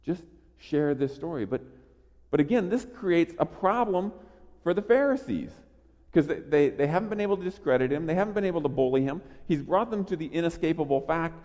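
A man preaching a sermon in an emphatic, animated way, often restarting his phrases. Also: a little high, fairly quick, big-room sound. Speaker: pastor.

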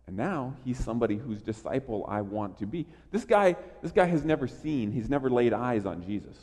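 A man preaching a sermon in an emphatic, animated way, often restarting his phrases. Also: mid-range voice, a little fast, in a large hall. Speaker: pastor.

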